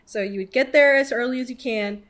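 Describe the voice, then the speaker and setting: Chatty young woman, fairly high voice. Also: brisk. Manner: chatty, filler-heavy with many "like"s; animated when quoting people. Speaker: podcast host. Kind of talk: casual storytelling chat.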